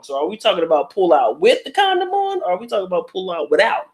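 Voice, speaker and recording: Male host, middle-aged, somewhat high voice; casual, crude, slangy livestream chatter reading out comments. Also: very animated, fast, few pauses, a little mellow. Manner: profane, blunt, laughing, street slang.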